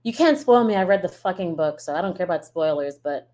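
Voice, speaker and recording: A woman from the United States chatting casually as a reaction streamer, blunt and profane, quick to laugh. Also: on the low side, animated, warm tone. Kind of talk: casual ranting reaction chat.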